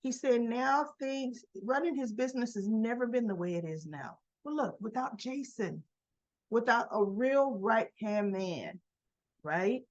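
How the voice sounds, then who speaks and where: A woman's voice: fairly high pitch, lively intonation, unhurried, dull audio. A woman vlogger giving a casual recap of a soap opera episode, telling it as a story and acting out the characters' lines.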